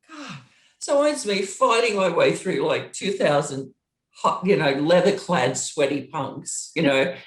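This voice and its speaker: A middle-aged woman, a former touring roadie, telling a story in an interview, acting out the dialogue and laughing as she goes. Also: reverberant. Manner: lively, acts out quoted dialogue with big pitch jumps.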